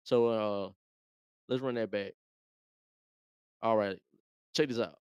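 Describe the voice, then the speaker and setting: A man's voice: lowish voice, steady tone, slow, a little mellow, clean tone, no room sound, dull audio. A man hosting a live show, talking in a laid-back, chatty way and often repeating himself. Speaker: host. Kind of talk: casual live commentary.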